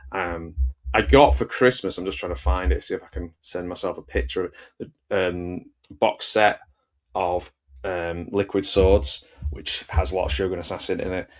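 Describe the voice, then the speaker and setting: Man, rambling, enthusiastic, jokey, casual film chat, lowish pitch. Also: steady tone, moderate pace. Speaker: film reviewer.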